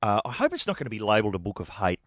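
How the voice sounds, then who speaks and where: A man hosting a comedic radio chat, with wry, deadpan jokes. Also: on the low side, rapid-fire, dry recording, clean studio sound. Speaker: radio host.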